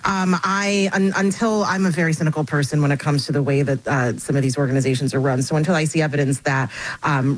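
A woman sports journalist answering interview questions in a measured way, with frequent fillers and hedges. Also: low-pitched, low-quality recording. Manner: measured, hedging with many fillers.

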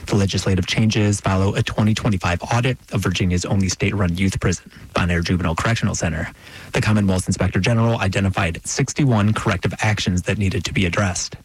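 A man delivering a scripted radio news report in a measured, even way. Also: deep voice, slightly rough, dry recording, rough recording.

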